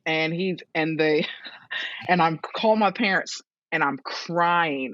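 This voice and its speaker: Speaking slowly in a low-pitched voice, a woman in her thirties shares stories as a guest in a casual interview; she's a strength and conditioning coach. Lively and quick to laugh, she acts out other people's words in a raised voice. The recording is dry, dull lo-fi.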